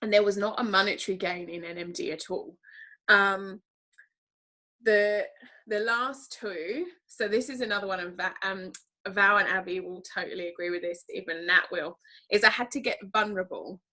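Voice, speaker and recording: A woman's voice: medium pitch, normal speed, bright, forceful tone, rough recording. A woman from Britain talking candidly as an interview guest about leading her team, chatty and full of fillers. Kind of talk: casual interview talk.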